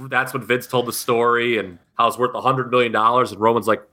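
A man co-hosting a podcast who reviews wrestling in casual chat, blunt and animated, with frequent swearing. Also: lowish voice, quick pace, few pauses. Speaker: podcast co-host.

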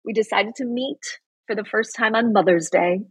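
A woman's voice: mid-range voice, normal speed, breathy edge, no echo, poor audio. A middle-aged woman, a TV news anchor, earnestly telling a heartfelt personal story in an interview.

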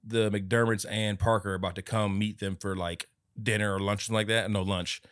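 A man's voice: fairly low pitch, flat delivery, fairly quick, a bit bright, smooth, no echo, studio quality. A man co-hosting a casual movie review podcast, swearing freely, laughing often and acting out quotes as he retells scenes. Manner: profane, laughing storyteller who acts out quotes. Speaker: podcast co-host.

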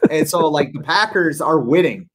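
Male podcast co-host, slightly higher pitch, rambling casual storyteller. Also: lively intonation, normal speed, a bit bright. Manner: rambling, lots of "like" and restarts.

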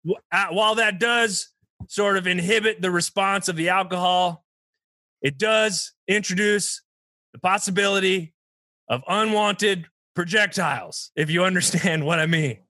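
A bright, high-pitched man barks orders in an improvised comedy scene. He plays a commanding officer who briefs his team and keeps checking in with "okay?". The sound is close and dry. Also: a little slow, no room sound. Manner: bossy, briefing tone, ends lines with "okay?".

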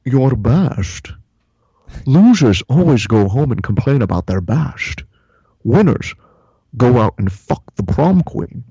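A man's voice: mid-range voice, sing-song, takes it slowly, warm tone, breathy edge, no echo, exaggerated voice. A man putting on a slurred, drawling impression of an older male movie star, recorded with a slightly dull lo-fi sound. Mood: scornful.

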